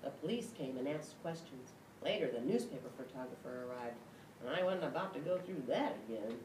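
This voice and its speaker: Expressive woman reading a storybook aloud. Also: brisk. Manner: expressive, shouts and yelps in the dog's voice. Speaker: storybook reader. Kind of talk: reading a picture book aloud. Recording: echoey room from a distance, rumbling noise.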